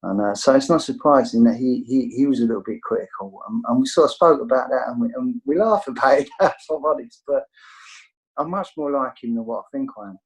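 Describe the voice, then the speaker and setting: A man's voice: mid-range voice, a little fast, low-quality recording. A middle-aged English man with an English accent, telling his recovery story over a video call in a rambling, candid way full of fillers. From England. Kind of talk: casual storytelling.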